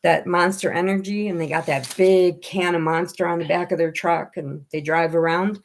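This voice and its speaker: A woman chatting casually on a home live stream, telling lively stories and acting out what people said. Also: lowish voice, moderate pace. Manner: animated storyteller who acts out quoted voices.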